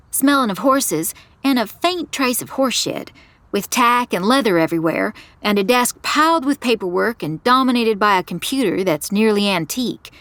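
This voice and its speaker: A woman giving first-person scripted narration of an audio drama in a measured storytelling manner. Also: mid-range voice, a bit bright, dry recording.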